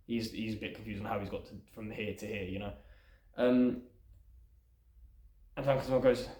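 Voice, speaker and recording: A man's voice: fairly low pitch, fairly even intonation, normal speed, pauses often, a little mellow, echoey room. Rambling man talking through his script. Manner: rambling, thinks aloud with many fillers. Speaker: aspiring screenwriter. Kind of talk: casual script breakdown.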